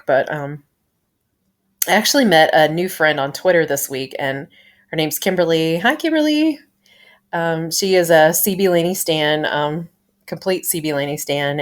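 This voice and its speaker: A woman in her thirties giving a rambling, gushing fan review of a TV episode, laughing and sighing as she talks. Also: sits low.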